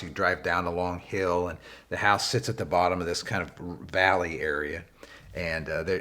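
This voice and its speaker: A man with a somewhat low voice tells a long personal story to make a leadership point. He talks in an easy, conversational way with plenty of small fillers, and his pitch jumps up when he stresses a wry detail. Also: a bit bright. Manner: conversational, unhurried, frequent "uh" fillers; rises in pitch for wry emphasis. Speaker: leadership teacher. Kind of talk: anecdotal storytelling lesson.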